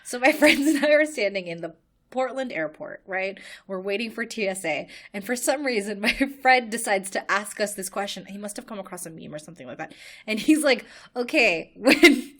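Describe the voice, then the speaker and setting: A young woman co-hosting a podcast, telling stories in a giggly, animated way. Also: medium pitch, moderate pace. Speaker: podcast co-host. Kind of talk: casual podcast chat.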